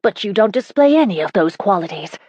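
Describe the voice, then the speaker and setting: A woman's voice: expressive, a little fast, slightly rough, no echo, muffled recording. Woman voicing a proud, indignant young heroine. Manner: sharp, emphatic, higher and louder than narration.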